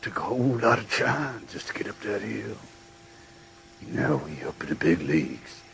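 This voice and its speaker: A proud, gruff streetwise man in a film scene, gravelly and low, faint hum behind. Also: sing-song, moderate pace, fairly bright tone, heavily acted. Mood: stern.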